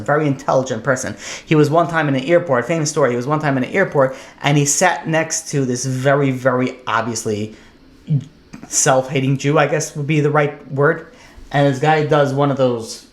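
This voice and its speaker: A man teaching a casual Torah class as a rabbi, talking in a loose, conversational way with lots of fillers and restarts, and getting emphatic on his questions. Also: fairly high pitch.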